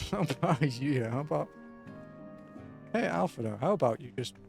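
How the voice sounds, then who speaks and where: A man's voice: mid-range voice, lively intonation, normal speed, creaky, a little mellow, soft background music. A man streaming a video game, chatting casually and laid-back, swearing and chuckling often. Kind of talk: casual gaming commentary.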